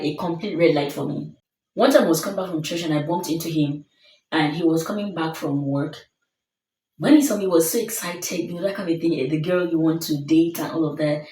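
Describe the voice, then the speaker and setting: A woman's voice: lowish voice, a little mellow. A woman giving a motivational self-help talk, earnest and emphatic, hammering her points home with repeated phrases. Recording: roomy sound, distant mic.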